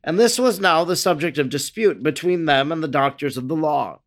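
A man reading a religious narrative aloud in a measured, earnest way, lifting his voice for the quoted speech. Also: on the high side. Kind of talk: scripted narration of a religious text.

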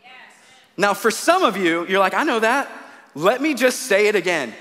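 A man's voice: high-pitched, big pitch swings, moderate pace, bright, forceful tone. A man in his thirties, a pastor giving a sermon in a church auditorium, telling stories in a conversational way with frequent restarts. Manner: conversational storytelling with repeated restarts. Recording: long hall reverb.

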